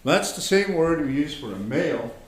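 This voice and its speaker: A man teaching an online language class, speaking slowly and patiently, repeating words and checking in with his students. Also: fairly high pitch, big pitch swings, echoey room. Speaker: language instructor.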